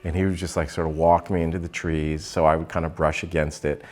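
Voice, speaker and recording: A middle-aged man from Arizona hosting a comic storytelling vlog, animated, conversational and often laughing. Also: a bass voice, fast. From Arizona, USA. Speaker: host.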